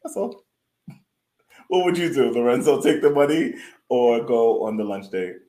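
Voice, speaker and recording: A man's voice: medium pitch, expressive, moderate pace, dark tone. A man co-hosting a podcast in a rambling, easygoing casual chat, laughing often. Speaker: podcast co-host. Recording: roomy echo.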